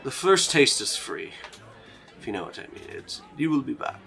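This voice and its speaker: A man voicing a suave, mysterious male bartender in a tabletop game, speaking slowly and smoothly in a hushed tone. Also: medium pitch, very animated, soft background music, voice pushed up, full character voice.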